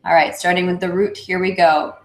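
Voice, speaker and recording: A woman leading a yoga class, guiding calmly and chanting short repeated syllables. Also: lowish voice, brisk. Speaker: yoga teacher. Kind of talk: guided class instruction with chanting. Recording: roomy echo, faint music behind.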